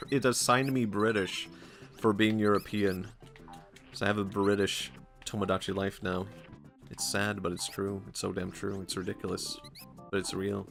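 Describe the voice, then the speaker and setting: A man with a low, gravelly voice rambles through casual gaming commentary. He jokes around and laughs often, with faint game music under him. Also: fairly bright tone. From Sweden. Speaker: streamer.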